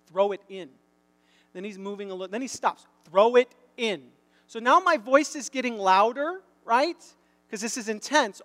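A middle-aged man preaching a sermon, telling a story and building to loud, emphatic bursts. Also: high voice. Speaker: pastor. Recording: long hall reverb.

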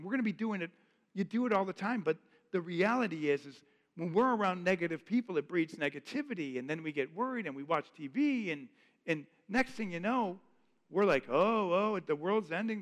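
A man's voice: high voice, fairly bright tone. A man preaching a sermon as pastor, earnest and conversational, often repeating phrases. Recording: long hall reverb.

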